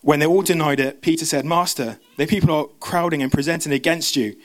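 A man preaching a sermon, talking fast with frequent restarts and stumbles. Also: on the high side, steady tone. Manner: fast, stumbling, self-interrupting.

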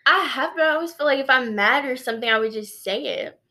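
A woman's voice: high-pitched, fast, bright, forceful tone. A woman in casual chat who laughs often and pushes back playfully.

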